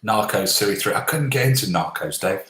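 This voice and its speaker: In an echoey room, a man with a fairly low, expressive and slightly bright voice hosts a live online pub-style quiz. He reads the answers slowly, cracks cheeky jokes with the players, and apologises after swearing.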